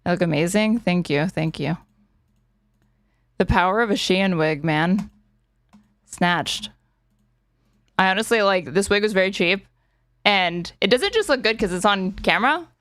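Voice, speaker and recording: A woman's voice: medium pitch, expressive, a little fast, fairly bright tone, no echo, studio quality. A young woman streaming casual commentary, sarcastic and often laughing.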